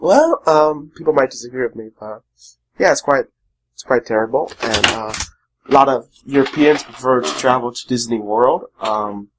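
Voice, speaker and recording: A man co-hosts a casual podcast chat, voicing strong opinions in a rambling style packed with ums and uhs. His voice is medium in pitch, his pace moderate, and there's background noise.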